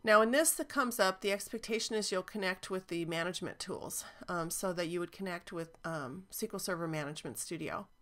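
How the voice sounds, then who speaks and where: A woman's voice: fairly low pitch, a little fast, hardly any pauses, fairly bright tone. A woman teaching cloud databases in a chatty, enthusiastic screen-recorded walkthrough, with frequent ums.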